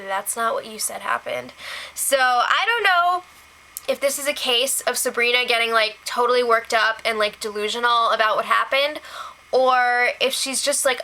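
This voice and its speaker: Giggly young woman gossiping through a show recap, bright voice, says like constantly. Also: on the high side, poor audio. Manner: chatty, giggly, heavy use of "like". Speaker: reality show recap vlogger. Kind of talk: casual recap chat.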